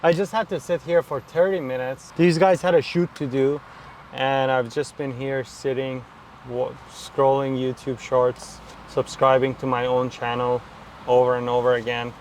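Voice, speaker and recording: A man's voice: mid-range voice, flat delivery, normal speed, a little mellow, a little hiss or hum. A young man talking casually to his camera from inside a car, chatty and mock-complaining about his challenge. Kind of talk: casual vlog narration. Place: inside a parked car in a city.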